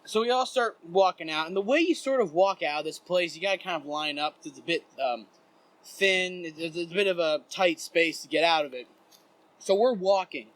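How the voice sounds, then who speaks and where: A young man hosting a podcast, telling a wild story in a casual, profane, animated way and shouting out the quotes. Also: high voice, normal speed. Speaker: podcast co-host. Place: indoors, rain outside.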